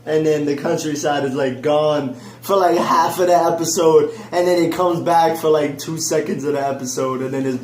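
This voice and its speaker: Blunt male co-host, slightly high voice, roomy room with faint hum. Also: fairly even intonation, moderate pace, few pauses, darkish tone. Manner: blunt, ranting, restarts often. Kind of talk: casual chat.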